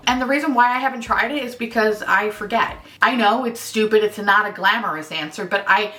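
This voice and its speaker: A woman's voice: mid-range voice, brisk, few pauses, fairly bright tone, distant mic. A woman talking through a casual beauty vlog at home in a put-on Minnesota accent, sarcastic, swearing freely, and poking fun at herself. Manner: sarcastic, profane, self-mocking. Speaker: beauty vlogger. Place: at home in her apartment.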